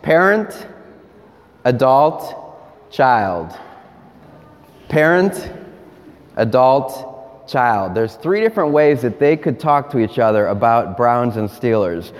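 A man's voice: mid-range voice, sing-song, slow, pauses often. A man, a priest, giving a playful interactive homily, coaxing volunteers and laughing along. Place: large hall with audience. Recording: long hall reverb.

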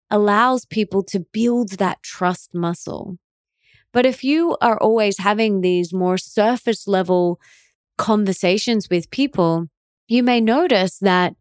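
A woman's voice: medium pitch, no echo, clean studio sound. A woman in her thirties hosting a motivational podcast, talking in an earnest, encouraging, heartfelt way. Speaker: podcast host. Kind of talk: motivational monologue.

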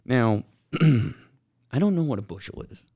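A man co-hosting a podcast, telling rambling stories in an excitable, casual way. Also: medium pitch, measured pace, no echo, studio quality. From Utah, Salt Lake Valley. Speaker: podcast co-host.

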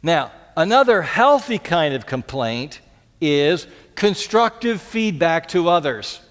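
High-voiced pastor preaching in a reverberant hall. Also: male voice, sing-song, slow. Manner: earnest, repeats key lines for emphasis, drops to soft pleas. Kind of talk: sermon.

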